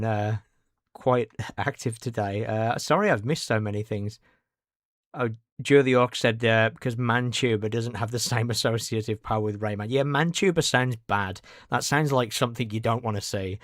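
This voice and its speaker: A man's voice: on the low side, moderate pace, dry recording, clean studio sound. A man chatting casually on a game livestream, rambling and answering his chat. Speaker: game streamer.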